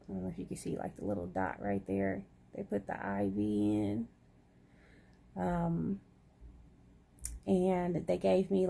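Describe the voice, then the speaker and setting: A woman's voice: on the low side, vocal fry, mellow, breathy edge. A woman chatting casually to camera, groggy after surgery, sprinkling "y'all" through her talk. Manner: chatty, says "y'all" often. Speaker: vlogger.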